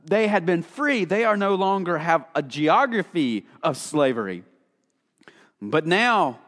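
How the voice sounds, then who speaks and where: A man's voice: medium pitch, a bit bright. A man preaching a conversational sermon, chatty and casual, full of fillers, acting out the voices he quotes. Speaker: pastor. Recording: long hall reverb.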